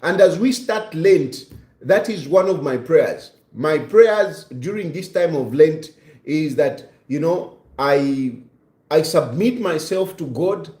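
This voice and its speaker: A man's voice: on the high side, dark tone, roomy sound. A man in his fifties hosting a live stream, talking in an earnest, reflective way and often repeating his phrases. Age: 50s. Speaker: livestream host.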